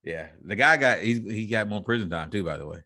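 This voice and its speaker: A man's voice: lowish voice, animated, fairly quick, pushed and bright, no room sound, clean studio sound. A man co-hosting a casual podcast, reading news stories aloud and joking and laughing between them. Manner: reads headlines, then riffs and laughs between lines. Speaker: podcast co-host.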